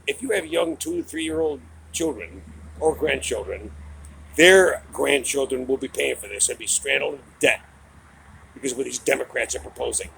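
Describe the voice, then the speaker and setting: A man's voice: mid-range voice, expressive, normal speed, gravelly, fairly bright tone, slight background noise, rough recording. A middle-aged man giving a heated, profane political rant, mocking and angry. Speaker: political commentator.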